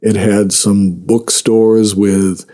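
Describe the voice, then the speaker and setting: A man tells a personal story in a relaxed, self-mocking way, chuckling between lines. His voice sits fairly low and sounds warm and mellow rather than bright. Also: very slow.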